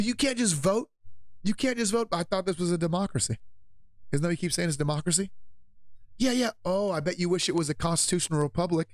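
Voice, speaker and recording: A man hosts his own livestream in a casual, crude rant. His voice sits a little high for a man, and he breaks into laughter often. The sound is dry, with no room echo. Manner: profane, mocking, laughs often; energetic, gets excited. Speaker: livestream show host.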